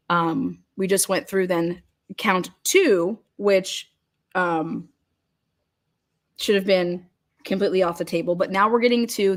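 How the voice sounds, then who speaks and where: Woman host going off on a replayed court clip, worked up, repeats herself a lot. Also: lowish voice. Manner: indignant, emphatic, repeats words. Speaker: show host. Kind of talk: commentary over a replayed court recording.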